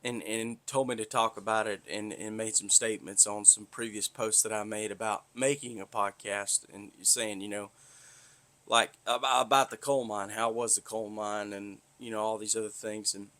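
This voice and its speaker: Casual podcast host, a Southern-accented man with a lowish voice, blunt and profane, rambling. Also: fairly even intonation, moderate pace, sharp tone. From north Florida. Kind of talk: casual monologue.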